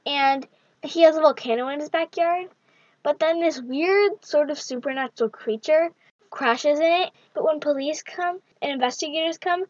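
A woman with a high voice talks through a favorite book in a chatty, upbeat vlog. The recording is dull and lo-fi, and the room is dry with no echo. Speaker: book reviewer. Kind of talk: casual book review vlog.

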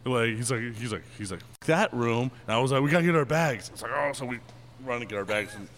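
A man's voice: medium pitch, fast, fairly bright tone. Rambling, giggly man telling a story. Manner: rambling, filler-heavy with frequent laughs. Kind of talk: casual storytelling.

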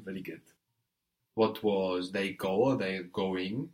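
Man, language tutor, patient and methodical, unhurried delivery, deeper voice. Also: darkish tone. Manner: patient, prompts and corrects step by step. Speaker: French teacher. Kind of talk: one-on-one language lesson.

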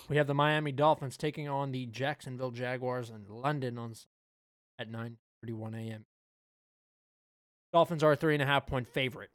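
A man co-hosting a podcast, talking through sports bets in a relaxed, loose way with frequent fillers. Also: mid-range voice, dry recording, studio quality. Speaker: podcast co-host. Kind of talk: casual sports betting chat.

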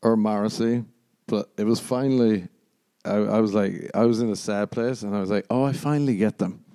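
A man's voice: fairly low pitch, fairly even intonation, brisk, warm tone, smooth, no echo. A young Irish man hosting a podcast on his own, rambling casually, swearing a lot and poking fun at himself. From Ireland. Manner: sweary, self-mocking, rambling. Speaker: podcast host.

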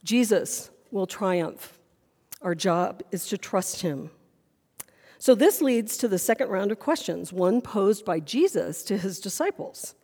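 A woman's voice: mid-range voice, lively intonation, slow, warm tone, in a large hall. A woman pastor preaching a sermon in a church sanctuary, earnest and full of questions.

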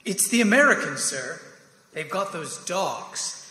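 A man's voice: a little high, sing-song, takes it slowly, sharp tone, full character voice. A man reading the part of an eager young army lieutenant who keeps pleading with his superior in a staged play reading. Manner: wheedling, persistent, keeps saying sir. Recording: echoey reverberant hall.

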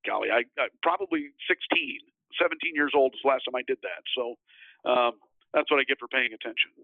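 A man being interviewed as a company head, telling a story with many pauses, fillers and restarts. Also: mid-range voice, expressive, creaky, dry recording. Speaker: guest, financial firm CEO. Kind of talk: casual interview talk. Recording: tinny phone-like line, dry.

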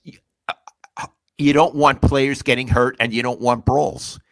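An older man co-hosting a sports podcast, talking casually in a measured way, asking questions and summing up points. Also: medium pitch, fairly even intonation, fairly bright tone, dry recording. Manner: measured, asks questions and sums up.

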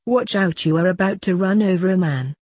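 Lady doing a baffled regular guy asking questions, husky and dry. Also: on the low side, a little fast, darkish tone, dry recording, lightly acted. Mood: puzzled. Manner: incredulous questioning. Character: ordinary modern man, startled and curious traveller.

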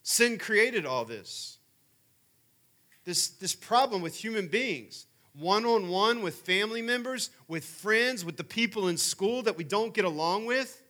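A man in his forties preaches to campers with a bright, forceful voice sitting a little higher than most men's. His talk is loose and chatty, full of animated stories, and it leans into conversation more than formal preaching. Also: moderate pace, hardly any pauses. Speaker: camp speaker. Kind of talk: sermon.

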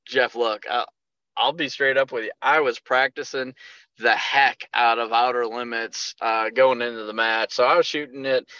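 A man co-hosts a podcast, telling a story animatedly and acting out the quotes in a bright, forceful voice. The sound is dry and somewhat dull, like a lo-fi recording. His pitch sits in an ordinary middle range. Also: fairly even intonation, moderate pace, dry recording. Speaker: podcast co-host. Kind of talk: casual chat.

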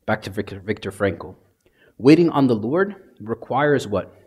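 A man, a priest, preaching a sermon in a conversational yet dramatic way, often dropping to a soft hush. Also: fairly low pitch, animated, a little slow, husky.

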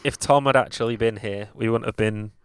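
A man's voice: on the low side, fairly even intonation, a little fast, clear, resonant tone, no room sound. A man co-hosting a podcast in casual chat, teasing the others with dry humor. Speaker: podcast co-host.

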